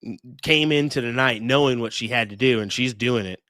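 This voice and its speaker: Man, darts co-commentator, folksy, laughs a lot, mid pitch, dry close mic. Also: a little fast, pushed and bright, no room sound. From Kansas. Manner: chatty, laughs often, folksy sayings. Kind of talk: casual live commentary.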